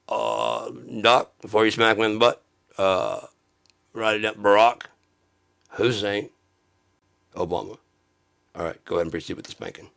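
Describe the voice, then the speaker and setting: A man's voice: fairly low pitch, lively intonation, moderate pace, vocal fry, long pauses, a bit bright, smooth. A man doing a profane, sarcastic satirical comedy rant. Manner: sarcastic, profane, jumps into mocking voices.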